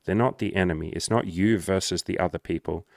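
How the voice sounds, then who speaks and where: A young adult man giving dating and social coaching in a casual monologue, blunt and animated, swearing often. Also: sits low, a little fast, gravelly, no echo, clean studio sound.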